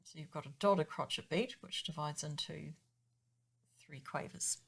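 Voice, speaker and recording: A woman with a deep, gravelly, husky voice speaks a little slowly as she teaches piano. She patiently explains time signatures in a chatty way, counting the beats aloud.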